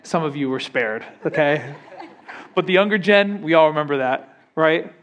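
Young male preacher, casual sermon delivery, voice sits a bit high, keeps checking in with the congregation. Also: normal speed, a bit bright, highs cut off. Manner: conversational preaching, asks congregation questions. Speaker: pastor.

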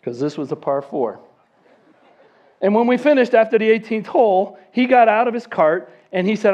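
A man in his fifties with a fairly high voice tells a story in a sermon, acting out each person in it. The recording is dull and lo-fi. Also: moderate pace. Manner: animated storyteller who acts out the people in his story.

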